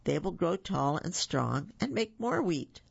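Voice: mid-range voice, sing-song, a little slow, gravelly, breathy edge, heavily acted. A reader voicing a hardworking, fed-up little red hen in a children's storybook, speaking firmly in a plain voice. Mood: asking. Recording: muffled lo-fi recording.

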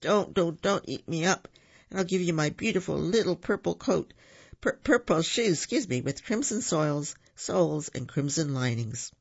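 A man voicing a small, frightened boy who pleads eagerly, in a storybook reading with a husky voice on a dull recording. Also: on the high side, expressive, normal speed, heavily acted. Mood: pleading.

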